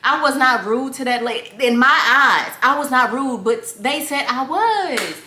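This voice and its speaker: A young woman with a high-pitched voice vlogs in an unhurried way, telling stories and talking straight to her viewers. She's an animated lifestyle vlogger, recorded in an echoey room.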